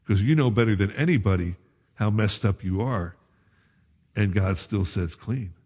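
Male pastor, slightly low and husky voice, conversational preaching with asides. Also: normal speed, darkish tone. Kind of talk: sermon.

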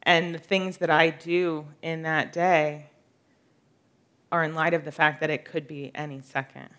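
Woman Bible-study teacher, lowish but bright tone, earnest and chatty, reads verses aloud. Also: little pitch movement, unhurried. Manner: earnest, conversational, many fillers, laughs often.

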